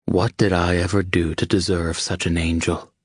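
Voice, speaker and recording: A commanding, possessive man who speaks in a low, controlled murmur, as the narrator voices him. His voice sits very deep, husky and close-miked, with a dry sound. He reads like a protective audiobook lover. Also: level tone, moderate pace, no echo. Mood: seductive.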